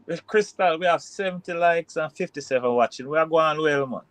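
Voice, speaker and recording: A man's voice: fairly high pitch, a little fast, a bit bright, no echo, low-quality recording. A man with a Jamaican accent co-hosting a casual live-stream chat, joking in loose banter. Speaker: co-host.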